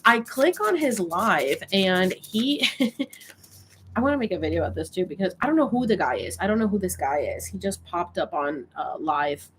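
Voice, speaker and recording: A woman chats through a casual storytime vlog, her voice set at an ordinary middle pitch. She rambles and fills her sentences with filler words. A faint hiss of noise sits under her voice. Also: big pitch swings, moderate pace. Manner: rambling, filler-heavy retelling; reads oracle cards aloud. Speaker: social media creator.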